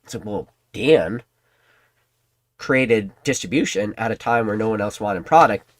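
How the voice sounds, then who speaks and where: A man's voice: lowish voice, expressive, measured pace, dry recording. A man hosting a trading card channel, talking in a casual, rambling, conspiratorial way to his viewers. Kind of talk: casual commentary to camera.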